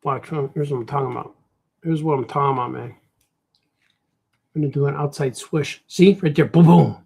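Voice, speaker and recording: A man's voice: mid-range voice, brisk, vocal fry, husky. Chatty Chicago man narrating his own drawing on a stream, easygoing and rambling. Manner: rambling, talks to himself, says "man" a lot. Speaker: cartoonist streaming while drawing. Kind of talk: casual livestream chat while drawing.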